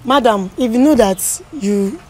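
A woman with a Nigerian Pidgin accent who questions a couple and tells the husband again and again to calm down. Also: fairly high pitch, a little slow. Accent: Nigerian Pidgin English. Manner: calm questioning, repeatedly urging relax. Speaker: host mediating a family dispute.

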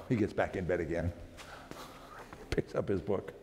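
A man's voice: on the low side, normal speed, pauses often, dark tone. A man speaking at a camp meeting, telling a story dramatically for family worship, often restarting his phrases. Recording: long hall reverb, faint background noise.

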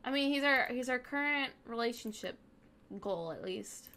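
Young woman gamer host, talks back at characters, fairly high voice, casual commentary. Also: lively intonation, moderate pace, pushed and bright. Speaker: gaming video host. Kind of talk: casual let's-play commentary.

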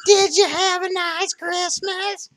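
A woman playing a slow, sweet-talking old lady. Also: very high-pitched, level tone, a bit bright, heavily acted. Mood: chatty sweet. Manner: drawling, calls him sweetheart and honey. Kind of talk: prank phone call role-play.

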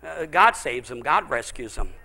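A middle-aged man, a pastor, preaching a sermon as he tells stories, swinging between loud exclaiming and low, intense stretches. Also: lively intonation, normal speed, vocal fry.

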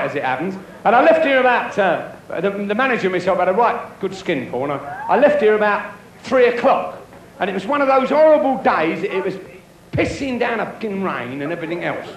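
A man's voice: sits high, very animated, brisk, a bit bright. A man doing live stand-up on a club stage, telling crude jokes full of swearing and bantering with the crowd. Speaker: stand-up comedian. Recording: echoey club with crowd and noise.

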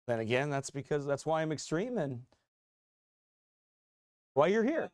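A middle-aged man, a pastor preaching a fiery, combative sermon that rises to shouts. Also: on the high side, very animated, unhurried, pauses often, no room sound, studio quality. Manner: combative, mocking, repeats phrases, rising to shouts.

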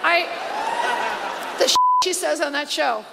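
A woman performing stand-up in a large theater, her high voice carrying a gravelly edge. She tells gossipy stories with relish and slips into mocking impressions. The live recording has a long hall echo and a loud crowd behind her. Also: measured pace, very noisy. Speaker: stand-up comedian. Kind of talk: stand-up comedy set. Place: large theater stage before a live audience.

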